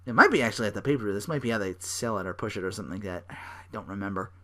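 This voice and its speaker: Young guy rambling thru a wrestling recap, bright voice, swears a lot, acts out the promos loud. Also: lowish voice, expressive, very fast. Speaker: podcast host.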